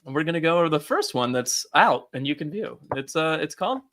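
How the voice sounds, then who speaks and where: A man's voice: fairly high pitch, big pitch swings, fairly quick, a bit bright. A man co-hosting a casual podcast chat, laughing often and reading out listener comments. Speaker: podcast co-host.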